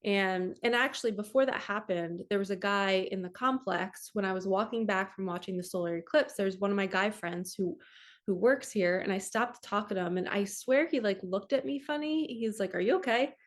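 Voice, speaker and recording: A woman speaking as a spiritual coach, telling a personal story straight to her viewers in a loose, chatty way. She is animated and raises her voice when she acts out her own thoughts. She is an ordinary talker with a mid-range voice. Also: mid-range voice, normal speed.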